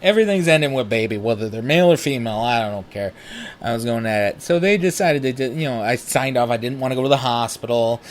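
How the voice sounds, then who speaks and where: A man's voice: medium pitch, fast talker. A young man telling a personal story in a candid, profane, casual way. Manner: candid, profane, animated retelling. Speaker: podcast host.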